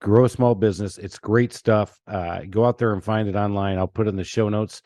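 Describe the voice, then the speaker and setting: A man's voice: lowish voice, steady tone, a little fast, warm tone, no echo, clean studio sound. A man with a Southern US accent hosting a podcast, telling stories in a chatty way and laughing often. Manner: chatty storyteller, laughs often, lots of restarts. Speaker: podcast host. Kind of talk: casual chat.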